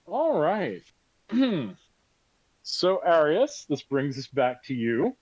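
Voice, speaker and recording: Lively-voiced man running a tabletop game. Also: on the high side, very slow, slightly rough, muffled recording. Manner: chatty, encouraging, lively intonation. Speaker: game master. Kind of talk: narrating a tabletop game over voice chat.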